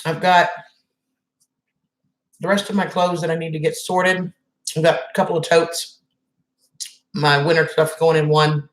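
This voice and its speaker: A woman's voice: low-pitched, little pitch movement, unhurried, pauses often. A woman hosting a live stream, chatting casually and greeting viewers by name. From Southern United States. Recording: echoey room.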